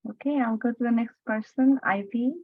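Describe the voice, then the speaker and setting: A woman's voice: fairly high pitch, normal speed, no echo. A woman moderating an online meeting, welcoming people and calling on them one by one. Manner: brief welcoming replies, calling names. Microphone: video call. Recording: dry, phone-like call audio.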